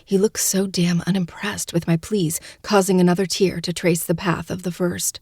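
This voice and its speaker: A woman narrating a first-person audiobook, with a hushed, tearful delivery in tense moments. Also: fairly low pitch, level tone, moderate pace, husky, dry recording, clean studio sound.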